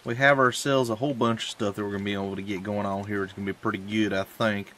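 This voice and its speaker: A man's voice: lowish voice, fairly even intonation, fast, hardly any pauses, pushed and bright. A man hosting a let's play, chatting casually in a rambling, jokey way at a desk mic at home. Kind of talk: casual gameplay commentary.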